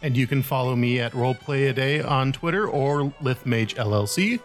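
A man hosting a tabletop role-play podcast, narrating the scene as game master in a calm, steady way. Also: mid-range voice, normal speed, soft background music.

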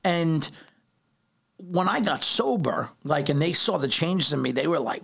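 A middle-aged man, host of a recovery podcast, telling stories in casual chat, animated and swearing casually. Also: a little high, a little slow, creaky, husky.

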